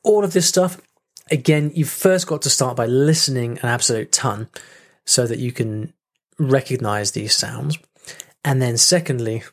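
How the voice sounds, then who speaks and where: A man speaking as a language coach in a casual teaching talk, lively, saying sounds aloud to demonstrate them and often restarting his phrases. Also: medium pitch. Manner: restarts and repeats words often.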